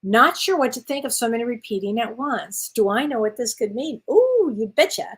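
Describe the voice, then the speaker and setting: A woman's voice: fairly high pitch, a little fast, a bit bright, breathy edge. A woman, a spiritual medium chatting encouragingly with viewers on a live stream. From Wisconsin, USA. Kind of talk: casual live-stream chat reading viewer comments.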